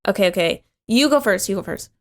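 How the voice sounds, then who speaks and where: A woman's voice: medium pitch, expressive, quick pace. A woman co-hosting a podcast in casual chat, slangy, calling her co-host dude and bro.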